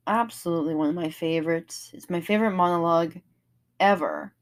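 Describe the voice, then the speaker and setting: Earnest rambling woman vlogger, low voice. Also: fairly quick. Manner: earnest and enthusiastic, rambling with many restarts. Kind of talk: casual rambling monologue.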